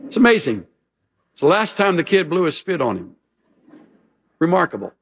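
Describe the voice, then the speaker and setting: A male pastor delivering a sermon with folksy, humorous storytelling. His voice sits a bit high and swings widely in pitch as he stresses his points. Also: big pitch swings, normal speed, a bit bright.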